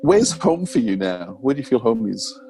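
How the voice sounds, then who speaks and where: A man's voice: mid-range voice, very animated, normal speed, over music, rough recording. An Australian man with an Australian accent, hosting a podcast and asking hesitant, stumbling questions. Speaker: podcast host. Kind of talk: casual interview questions.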